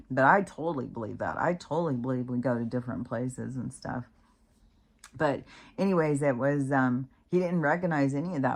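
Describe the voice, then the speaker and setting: A middle-aged woman rambling through strange stories in a casual, animated way, laughing often and acting out what people said. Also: low voice. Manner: chatty, animated, laughs often, acts out quoted voices. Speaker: vlogger.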